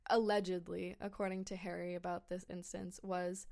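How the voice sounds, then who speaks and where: A woman's voice: on the low side, little pitch movement, normal speed, gravelly, darkish tone. A woman hosting a podcast in casual chat, gossipy and incredulous, with many fillers and short laughs. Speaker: podcast host.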